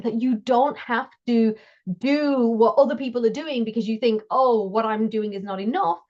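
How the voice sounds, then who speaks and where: A woman's voice: mid-range voice, dark tone, muffled recording. A woman, hosting a solo coaching talk, speaking emphatically and constantly checking in with her listener. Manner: emphatic, keeps checking in with "right?". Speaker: business coach and host.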